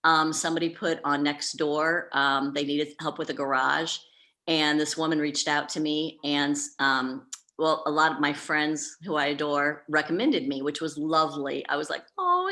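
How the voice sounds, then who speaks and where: A woman's voice: sits low, pushed and bright. A woman who works as a professional organizer, candidly telling a story in a group meeting with plenty of fillers. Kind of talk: casual group meeting talk.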